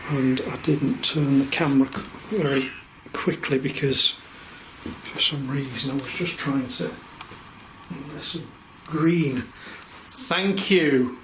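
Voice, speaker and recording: A man investigating alone in a pub cellar, calling out to spirits in a coaxing, hushed way while filming himself. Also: medium pitch, slow pace, very noisy. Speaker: paranormal investigator. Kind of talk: solo ghost-hunt narration. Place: pub cellar with beer kegs. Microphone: self-filmed camera mic.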